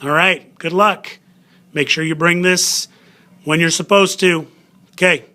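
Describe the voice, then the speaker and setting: A man gives a recorded spelling lesson at an unhurried pace. His voice is bright and sits a little high. He patiently sounds out syllables and spells words letter by letter. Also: steady tone. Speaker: teacher.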